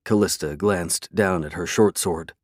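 A man narrating a fantasy novel in a measured, even storytelling way. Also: low-pitched, no echo, clean studio sound. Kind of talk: scripted fantasy audiobook narration.

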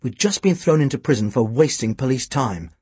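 A man narrating a storybook with a dry, wry, expressive delivery. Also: medium pitch, a little fast, husky, no echo. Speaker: audiobook reader.

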